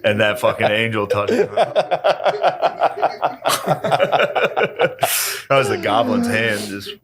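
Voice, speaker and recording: A man bantering on a podcast, crude and jokey, with quick back-and-forth. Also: on the low side, fairly even intonation, a crowd in the background. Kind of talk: casual podcast chat.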